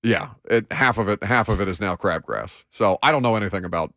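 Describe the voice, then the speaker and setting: A man's voice: on the low side, a little fast, creaky, pushed and bright, no room sound. A man in his late twenties hosting a sports radio show in a studio, chatting casually and poking fun at himself with rambling restarts. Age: late 20s. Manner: self-deprecating, rambling with restarts. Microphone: studio broadcast mic.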